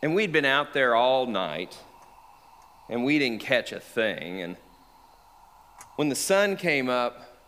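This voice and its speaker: An actor playing the apostle Peter, an earnest, remorseful fisherman, telling his story in the first person and swinging from hushed to shouted. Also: mid-range voice, big pitch swings, slow, pauses often. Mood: reflective. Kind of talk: dramatic monologue. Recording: long reverb of a large hall.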